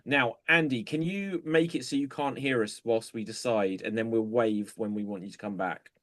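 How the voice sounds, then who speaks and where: A man's voice: mid-range voice, fairly bright tone, no room sound. A man hosting an improv comedy game on a video call, calling on players by name. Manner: brisk, calls on players by name. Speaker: improv host.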